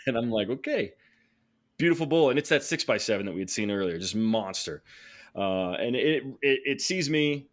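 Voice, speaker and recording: A man tells a story on a podcast in a casual, animated way. He gets excited as he talks, laughs along, and often restarts his sentences. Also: lowish voice, normal speed. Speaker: podcast guest.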